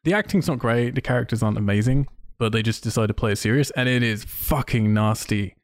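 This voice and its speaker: A man co-hosting a podcast in casual chat, enthusiastic and quick, swearing freely. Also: mid-range voice, dry recording, studio quality. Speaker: podcast co-host.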